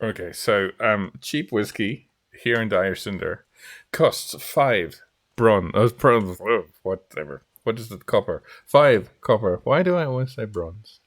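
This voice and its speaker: A man's voice: lowish voice, lively intonation, unhurried, no echo. A man running a tabletop game as game master, casual and playful, often stopping to correct himself. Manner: rambling, self-correcting, playful.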